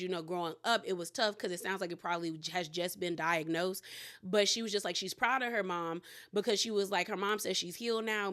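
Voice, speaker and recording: A woman casually recapping a reality TV episode, retelling scenes in a chatty, animated way. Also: mid-range voice.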